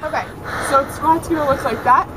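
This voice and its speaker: High-voiced, upbeat woman coaching a workout. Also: fairly quick, over a noisy crowd. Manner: upbeat and encouraging, giving step-by-step cues. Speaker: fitness instructor. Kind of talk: outdoor workout instruction. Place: outdoors in a beach park with benches.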